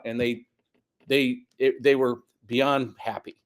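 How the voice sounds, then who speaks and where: A soccer coach in his fifties, guesting on a casual storytelling interview, shares a long personal story in a relaxed, chatty, lively way, slipping into the voices of people he quotes. He speaks slowly and smoothly at an ordinary middle pitch.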